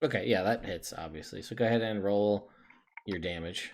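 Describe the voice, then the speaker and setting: A man running a tabletop game as dungeon master, casual and quick to voice characters in asides. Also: lowish voice, background noise.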